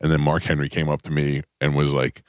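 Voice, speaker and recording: Brief: low-voiced male radio host, rambling storyteller, dry studio sound. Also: monotone, fairly quick, no echo. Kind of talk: casual morning radio chat. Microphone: studio microphone.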